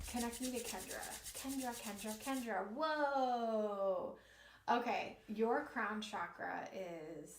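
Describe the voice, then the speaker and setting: A woman's voice: medium pitch, vocal fry. Chatty woman reading tarot live. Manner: chatty, reads viewer comments aloud; talks straight to her viewers as a group. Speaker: tarot reader. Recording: roomy, distant mic, faint noise.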